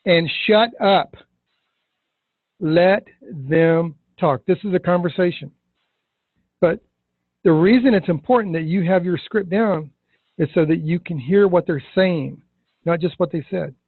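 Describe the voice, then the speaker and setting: A man teaching sales technique in a webinar, emphatic, acting out scripted questions with deliberate pauses. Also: sits high, breathy edge, dry recording. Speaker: sales trainer. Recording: tinny phone-like webinar audio.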